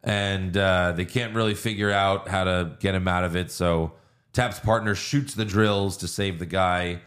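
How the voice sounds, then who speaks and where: Low-voiced man recapping a film. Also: fairly even intonation, measured pace, a bit bright. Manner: recounts plot with fillers and acted quotes. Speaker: podcast co-host.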